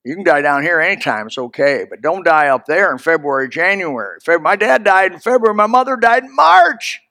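High-pitched male preacher, folksy storyteller, bursts of loud emphasis. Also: animated, brisk, no room sound, clean studio sound. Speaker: pastor. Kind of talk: sermon.

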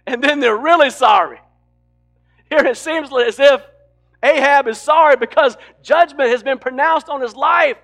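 A man preaching a sermon with emphatic delivery that swings between loud and hushed. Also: very high voice. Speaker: pastor.

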